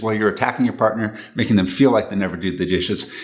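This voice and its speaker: A man's voice: on the low side, fast talker, hardly any pauses. A man giving relationship advice to camera in an earnest, instructional way, repeating his key points.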